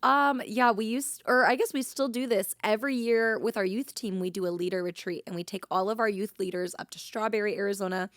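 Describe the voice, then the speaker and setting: A woman co-hosting a church podcast in casual chat, animated and laughing often, with a rich, slightly throaty voice. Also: mid-range voice, a little fast, few pauses, no room sound, clean studio sound. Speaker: podcast co-host.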